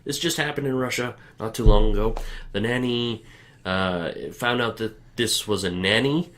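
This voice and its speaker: A man's voice: medium pitch, normal speed, a bit bright. A man hosting a podcast, easygoing and explanatory as he recounts news stories in casual chat. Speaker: podcast host.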